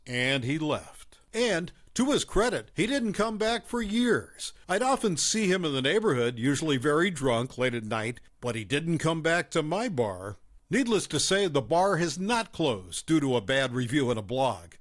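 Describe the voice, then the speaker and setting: A man reading stories aloud in an expressive, storytelling manner. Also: a little high, normal speed. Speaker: story narrator.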